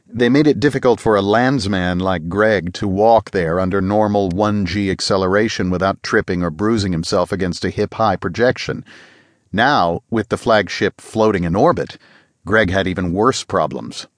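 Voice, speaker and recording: A man reading an audiobook in a steady, measured narration. His voice is low and even. The recording is close and dry, with no room sound. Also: no echo. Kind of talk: scripted narration.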